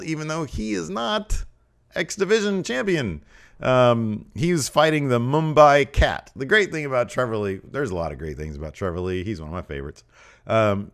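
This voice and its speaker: A man hosting a podcast, casually recapping a wrestling show with lots of ums and rambling asides. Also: mid-range voice. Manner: mimics wrestlers in raised voices when quoting. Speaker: podcast host reviewing wrestling.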